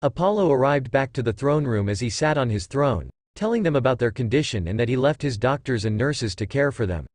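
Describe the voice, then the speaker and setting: A man narrating a fan-fiction story in a steady storytelling read. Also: medium pitch, fairly quick, few pauses, no echo. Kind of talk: reading fan fiction aloud.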